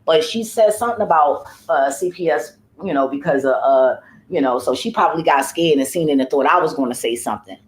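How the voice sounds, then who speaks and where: A home care worker talks casually in a vlog, her low voice moving a little fast with hardly any pauses. She tells her story in a profane, rambling way, often trailing off and starting over, and the audio is poor.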